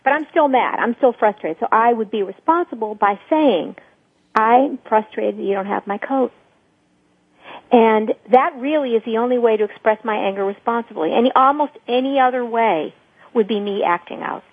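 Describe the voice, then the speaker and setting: A woman with a slightly high, breathy voice explains couples' communication, acting out little examples as she goes. She sounds dry and narrow, as if heard over a phone line. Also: moderate pace, no echo. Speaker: couples therapist. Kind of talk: radio talk.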